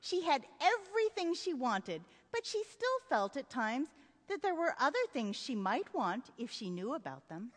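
A woman discussing a novel and reading passages aloud, acting out the quotes with big swings of voice. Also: normal speed. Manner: animated, acts out quotes with big pitch swings. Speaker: literature lecturer. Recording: hall reverb.

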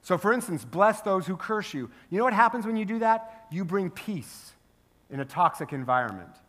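Male pastor, fairly high voice, animated conversational sermon delivery, frequent "right?" check-ins. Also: normal speed. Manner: storytelling, animated, asks the crowd "right?". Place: church sanctuary.

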